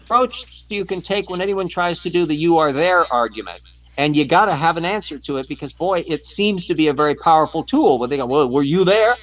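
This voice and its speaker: A man on a live stream discussion, explaining in a measured, professorial way. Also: on the high side, animated, fairly bright tone, low-quality recording. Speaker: panelist.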